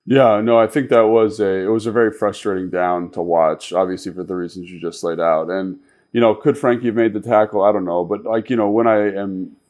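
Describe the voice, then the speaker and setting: A man's voice: fairly low pitch, brisk, darkish tone. A man co-hosting a sports show, a former pro football player and coach, analyzing the game with an emphatic coaching tone. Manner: coaching tone, emphatic, repeats himself.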